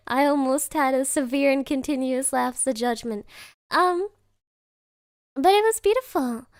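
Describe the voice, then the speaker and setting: A woman's voice: sits high, no echo, clean studio sound. A young woman streaming from home, giggling and rambling as she chats casually with her live chat and reads their messages aloud.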